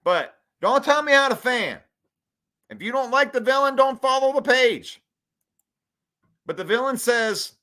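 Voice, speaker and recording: A high, bright-voiced man hosts a live fan commentary stream. He talks in an animated, hyped way, reads chat comments aloud and laughs often. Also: unhurried, pauses often. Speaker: sports show host.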